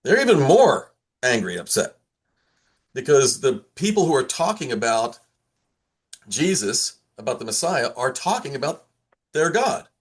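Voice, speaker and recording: A man's voice: medium pitch, big pitch swings, moderate pace, pauses often, breathy edge. A man, a priest, leading an informal Bible study in a conversational way, with many restarts and repeated words, and acting out quoted voices now and then.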